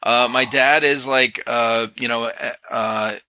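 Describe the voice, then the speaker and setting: A male podcast host with a sharp, very forceful tone, recorded dry and close with no room sound. He talks bluntly and loosely, swearing freely in casual chat. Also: medium pitch, fairly even intonation, slow pace, dry recording. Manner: blunt, profane, laid-back.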